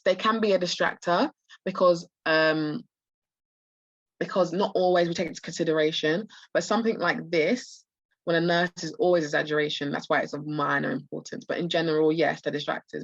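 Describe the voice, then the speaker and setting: A woman tutor, hoarse and losing her voice, walks students through practice test answers with many restarts and fillers. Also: deep voice, steady tone, fairly quick, dry recording, dull audio. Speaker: medical school admissions tutor. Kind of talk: live online practice test walkthrough.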